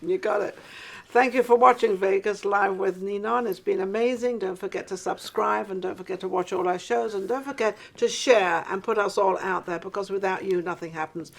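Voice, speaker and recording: A British woman hosting a casual interview show in a studio, chatty and rambling, quick to agree with her guest. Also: medium pitch, vocal fry. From Britain. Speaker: talk show host. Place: studio in an office building.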